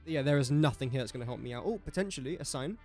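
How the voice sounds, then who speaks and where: A young English man commentates his own live game stream, chatty and self-mocking, muttering guesses as he plays. His mid-range, darkish voice moves rapid-fire with lively intonation over soft background music.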